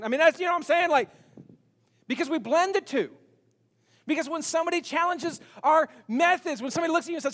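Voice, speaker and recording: A male pastor delivering a sermon with a notably high voice, speaking in a loose, conversational way that doubles back on words and slips into acted-out quotes. His voice rings with a long reverb from a large church hall. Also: lively intonation, a little fast, long pauses, a bit bright. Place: church sanctuary.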